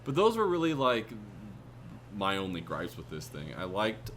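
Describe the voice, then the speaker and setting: A man with a very low but bright, forceful voice, rambling through his movie opinions on a casual podcast. He hesitates often and leans on fillers, with faint background noise in the recording. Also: wildly swooping pitch, normal speed. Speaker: podcast co-host. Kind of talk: casual movie review chat.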